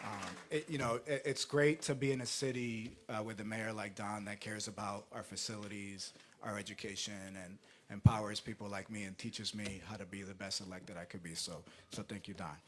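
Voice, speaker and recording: A man's voice: fairly low pitch, fairly even intonation, normal speed, few pauses, a faint crowd. A man emceeing at a public groundbreaking ceremony, thankful and joking, close to tears.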